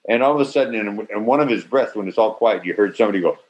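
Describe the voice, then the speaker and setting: An older man on a video call telling an animated anecdote, acting out quotes with swearing and sudden loud bursts. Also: lowish voice, rapid-fire. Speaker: actor interview guest. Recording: slightly muffled video-call audio.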